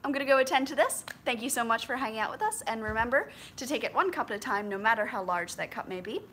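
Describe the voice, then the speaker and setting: Lively bright-voiced woman podcast host. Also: fast talker, slight background noise. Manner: high sing-song baby talk to her dog. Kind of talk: casual chat to camera.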